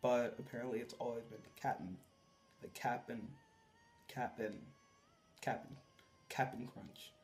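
A man's voice: medium pitch, fairly even intonation, measured pace, long pauses, slight background noise. A young man vlogging from his bedroom, rambling and swearing, with "like" in nearly every sentence. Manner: rambling, swears a lot, frequent "like". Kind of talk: casual chat to camera. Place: bedroom decorated for Christmas.

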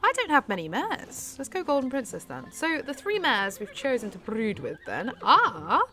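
A woman's voice: sits high, big pitch swings, moderate pace, sharp tone, faint music behind. A woman hosting a casual horse-racing game video, chatting and giggling with her viewers. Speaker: gaming channel host.

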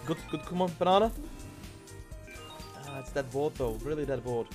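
A young man commentating his slot gambling session, shouting excitedly as wins land. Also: medium pitch, moderate pace, faint music behind. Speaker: slot streamer.

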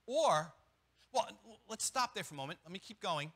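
A man preaching a sermon as pastor, animated, with quick restarts and acted-out asides. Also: high voice. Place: church.

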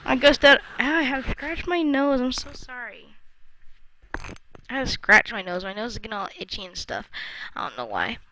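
High bright-voiced woman gamer. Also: expressive, moderate pace, a little hiss or hum, poor audio. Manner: chatty, talks to viewers, frequent exclamations. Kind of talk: let's-play commentary.

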